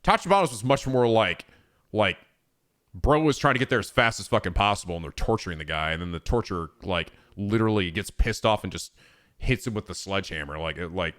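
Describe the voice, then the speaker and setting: A man's voice: on the low side, a little fast, a bit bright. A man chatting casually on his stream, rambling with lots of fillers, restarts and swearing.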